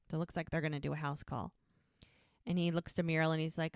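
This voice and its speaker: A woman's voice: low-pitched, fairly even intonation, fast talker, dry recording, clean studio sound. A woman co-hosting a podcast, casually retelling scenes and quoting the characters as she goes. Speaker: podcast co-host. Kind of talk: casual recap chat.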